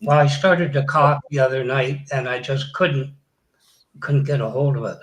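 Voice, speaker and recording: Man, hesitant, halting, restarts often, mid pitch. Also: rough recording. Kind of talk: casual chat.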